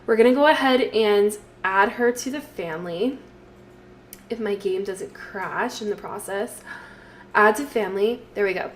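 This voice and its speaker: A woman's voice: medium pitch, a little slow, a little hiss or hum. A woman giving casual commentary over a life-sim game, chatty and storytelling, with trailing fillers. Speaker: let's play host.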